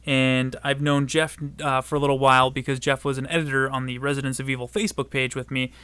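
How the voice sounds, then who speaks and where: Chatty man with a smooth, dry voice. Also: mid-range voice, fast, no echo. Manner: relaxed, chatty, laughs often. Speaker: podcast host. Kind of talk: casual podcast chat.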